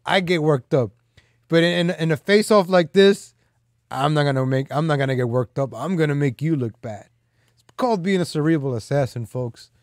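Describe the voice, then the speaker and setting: A man with a voice pitched a little above the usual male range talks off the cuff as a live stream host. His delivery is loose and rambling, packed with "like" and "man" fillers, and it turns teasing and boastful. The sound is dry and close, with no room echo. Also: darkish tone. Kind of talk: casual rambling commentary.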